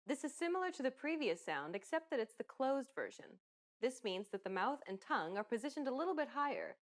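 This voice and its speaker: A woman narrating a scripted pronunciation lesson in a clear, upbeat, explanatory way. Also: high voice, big pitch swings, a little fast. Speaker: pronunciation instructor.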